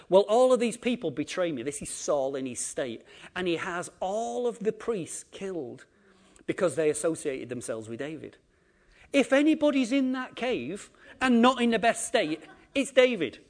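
A man preaching a sermon, acting out quotes and swinging between loud emphasis and quiet asides. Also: fairly high pitch. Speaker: pastor.

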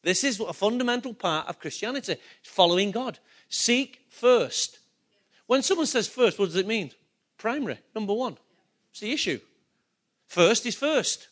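A man's voice: high voice, expressive, normal speed, a bit bright. A male pastor preaching a sermon, emphatic and full of rhetorical questions to his congregation.

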